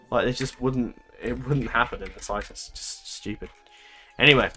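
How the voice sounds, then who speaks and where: A man's voice: mid-range voice, lively intonation, moderate pace, fairly bright tone, faint music behind. A man giving casual let's-play commentary, thinking aloud in a rambling way, swearing and laughing easily. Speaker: gaming commentator.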